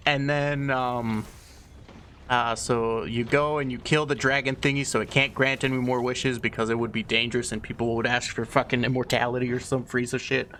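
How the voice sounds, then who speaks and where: A young man talks through a long story in a loose, offhand ramble, stumbling over words and dropping swear words as he goes. His voice sits at an ordinary middle pitch. A faint hiss of noise lingers in the background. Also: steady tone, normal speed, pushed and bright. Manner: loose, irreverent, swears freely, many fillers. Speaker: video host. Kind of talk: casual rambling explanation.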